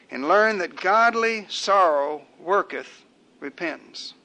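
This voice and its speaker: An older man preaching a sermon in a measured, rhetorical way, building his points through repeated phrases. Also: high voice, animated, pushed and bright.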